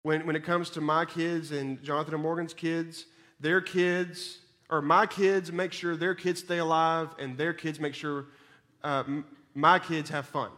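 A man preaching a sermon in an emphatic way, swinging between loud and soft and repeating words when he stumbles. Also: a little high, flat delivery, a little slow.

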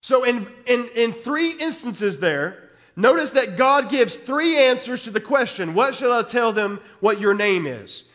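A man's voice: very high voice, animated, measured pace, fairly bright tone, in a large hall. A man preaching a sermon, teaching verse by verse and stopping often to ask his listeners "okay?". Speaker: pastor.

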